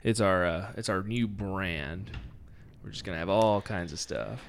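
A man co-hosting a podcast in casual chat, laid-back, his voice sinking quiet at times. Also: deep voice, a little slow, a little hiss or hum. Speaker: podcast co-host.

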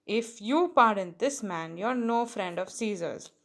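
A woman's voice: medium pitch, lively intonation, unhurried, vocal fry, fairly bright tone. A woman reading the part of an angry crowd of priests, raised and insistent. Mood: demanding.

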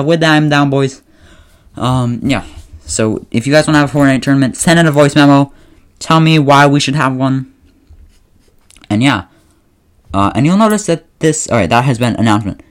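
A man hosting a casual solo podcast, rambling and often correcting himself mid-sentence, playfully pleading with his listeners. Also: medium pitch. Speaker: podcast host.

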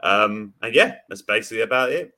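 A man's voice: lowish voice, expressive, brisk, bright, forceful tone. A laid-back man co-hosting a casual podcast, rambling through the intro with plenty of fillers. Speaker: podcast co-host.

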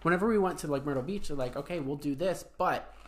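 A woman co-hosting a podcast in casual chat, talking in a blunt, animated and profane way. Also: sits low, fast. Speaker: podcast co-host.

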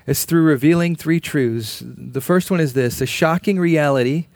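Emphatic male preacher, fairly high voice. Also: normal speed, gravelly, few pauses, darkish tone, dry recording, clean studio sound. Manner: earnest, emphatic preaching with repeated phrases. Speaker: pastor. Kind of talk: sermon.

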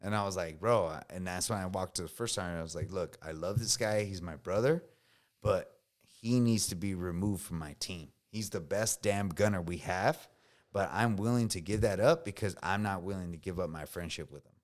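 A man's voice: low-pitched, normal speed. A man in his thirties, a veteran guest on a podcast, telling stories in a casual, slangy way, often swearing and saying bro. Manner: slangy, says bro a lot, swears freely.

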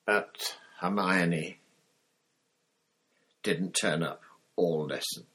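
A low-voiced man narrating a storybook in a plain, unhurried reading. He carries on steadily through the odd slip. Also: fairly bright tone, slightly rough. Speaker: reader.

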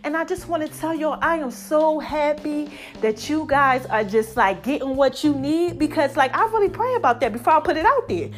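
Breathless high-voiced woman host. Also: moderate pace, hardly any pauses, soft background music. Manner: animated, preachy, hypes her shows, calls listeners y'all and baby. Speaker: podcast host. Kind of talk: casual monologue to listeners.

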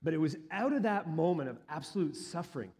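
A man's voice: fairly high pitch, lively intonation, quick pace, darkish tone, husky. A male pastor in his thirties or forties giving a sermon, telling a personal story earnestly and building to emphatic peaks.

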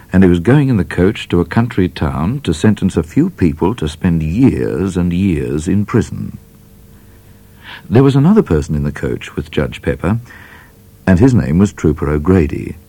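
A man reading a children's storybook aloud in a measured, expressive narration. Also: low-pitched. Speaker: reader.

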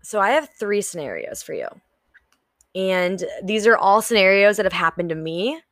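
A woman's voice: medium pitch, very animated, normal speed, a bit bright, dry recording, studio quality. A young woman hosting a solo podcast, talking frankly and casually, swearing freely and acting out her own inner voice. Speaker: podcast host.

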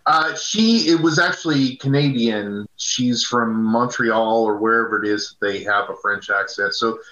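Man with a bright, roomy lo-fi sound. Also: medium pitch, unhurried. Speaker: podcast co-host. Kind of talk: casual movie review chat.

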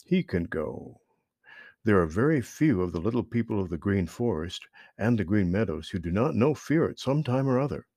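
A man reading a children's animal story aloud in an expressive storytelling voice. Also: lowish voice, normal speed, dry recording, studio quality.

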